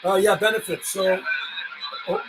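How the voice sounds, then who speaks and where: Guy on cb radio, kinda high voice, repeating call signs, loud static hiss behind him. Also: measured pace. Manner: repeats call signs in a steady calling rhythm. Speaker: CB radio operator and livestream host. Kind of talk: radio calling mixed with casual chat.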